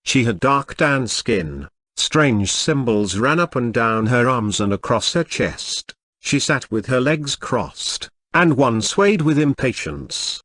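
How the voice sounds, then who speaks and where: Brief: male audiobook reader, animated melodic delivery, dry close sound. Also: medium pitch, slow pace, no room sound. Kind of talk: first-person novel narration.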